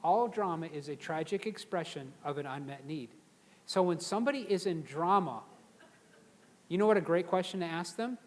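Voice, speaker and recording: Speaking at normal speed in a notably high voice, a man leads a live motivational seminar. He's energetic and chatty, jumping between stories and prompts for the audience to echo him.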